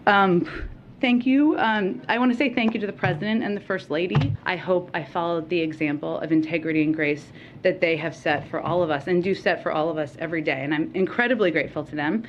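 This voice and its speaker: A woman press secretary giving an emotional farewell at a briefing, halting with many fillers. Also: fairly low pitch, muffled recording, slight background noise. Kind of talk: formal farewell speech at a briefing.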